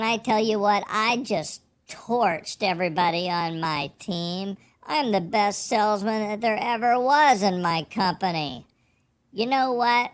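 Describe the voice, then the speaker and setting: A man putting on a high, slow, swaggering voice to play a cocky, insecure salesman who brags about himself. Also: a bit bright. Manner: boastful, swaggering.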